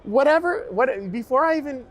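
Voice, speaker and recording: A man's voice: very high-pitched, animated, a little fast. A man hosting a podcast, talking to his guest in an earnest, encouraging way. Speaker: podcast host. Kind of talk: casual interview chat.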